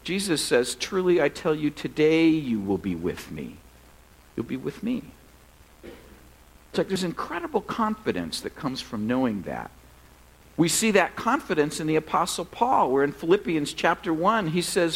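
A male pastor preaches with a husky edge to his voice, his pitch rising and falling in lively swings. He talks to the congregation in a relaxed, joking way and pokes fun at himself. When he prays, he turns earnest and quiet. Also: moderate pace, low-quality recording. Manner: conversational and self-deprecating, joking with the congregation; earnest, softening to a quiet prayer. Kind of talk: sermon. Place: church service.

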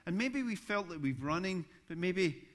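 A man's voice: sits high, normal speed. A man, a pastor preaching a sermon, telling stories with rising animation. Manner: storytelling, animated when recounting events.

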